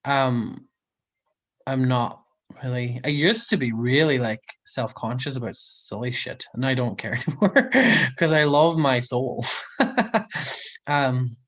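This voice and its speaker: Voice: medium pitch, slow, fairly bright tone. Giggly chatty livestream host. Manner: chatty, giggly, rambling with many ums. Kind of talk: casual live chat reading viewer comments.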